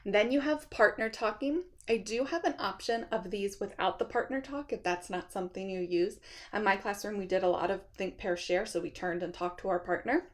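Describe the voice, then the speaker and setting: A middle-aged woman teacher talks to camera with an upbeat, chatty warmth of manner. Her voice sits at an ordinary middle pitch for a woman. She keeps checking in with her listeners as she explains her classroom routines. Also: brisk. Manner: upbeat and chatty, often asks "right?". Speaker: kindergarten teacher giving classroom tips. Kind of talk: friendly teaching talk to camera.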